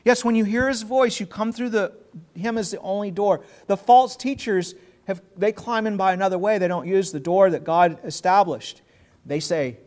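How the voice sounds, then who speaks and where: A man's voice: sits high, expressive, normal speed, darkish tone. A man preaching a sermon in an earnest, emphatic way, drawing out key words and repeating himself as he restarts.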